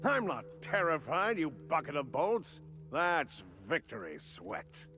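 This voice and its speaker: An actor playing a swaggering, boastful male ship captain in a video game, with a booming announcer-like delivery and grandiose, old-fashioned phrasing. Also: very animated, slow pace, pushed and bright, faint music behind, full character voice.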